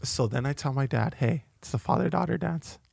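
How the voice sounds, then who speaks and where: A man's voice: mid-range voice, fairly quick, creaky, darkish tone, no echo. A man co-hosting a comedy podcast, telling a story in a loose and profane way into a close mic. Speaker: podcast co-host.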